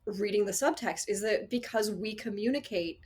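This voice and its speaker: A woman working as an associate sound designer, telling stories in a casual interview, animated and acting out quotes with frequent laughs. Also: medium pitch, moderate pace. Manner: animated storyteller, acts out quotes, laughs often.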